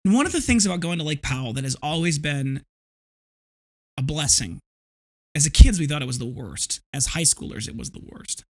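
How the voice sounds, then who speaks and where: A man in his thirties talks through a casual solo podcast episode. His voice sits fairly high. He rambles in a reflective way and restarts his sentences often. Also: sing-song, brisk, darkish tone. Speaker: podcast host.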